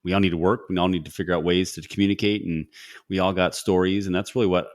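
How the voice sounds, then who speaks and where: A man's voice: sits low, little pitch movement, fast talker. A man hosting a podcast interview, encouraging his guest and asking short questions. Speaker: podcast host. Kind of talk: casual interview.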